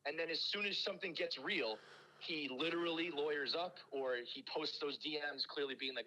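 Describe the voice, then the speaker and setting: New guy ranting and cussing on a podcast, bright voice jumping all over. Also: on the high side, expressive, normal speed, poor audio. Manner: profane, heated ranting. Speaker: regular podcast guest. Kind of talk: casual comedy podcast chat.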